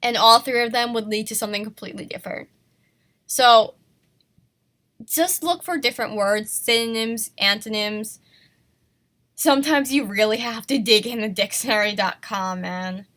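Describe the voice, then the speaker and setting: A woman's voice: on the high side, normal speed, a bit bright. A woman who is sick, teaching an art lesson in a casual, self-conscious way and apologizing for herself. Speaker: art tutorial host.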